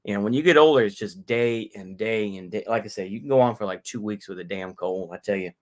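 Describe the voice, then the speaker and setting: A man's voice: on the low side, quick pace. A middle-aged man from North Texas talks on his own livestream in a loose, rambling way. He cusses freely and keeps repeating himself between asides. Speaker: livestream host. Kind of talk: casual livestream rant.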